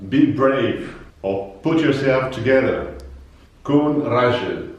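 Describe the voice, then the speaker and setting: A man teaching vocabulary in a patient, explanatory way, repeating each word slowly for learners. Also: medium pitch, darkish tone, highs cut off. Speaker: language teacher. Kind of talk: slow explanatory lesson. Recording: very echoey room, voice from far off.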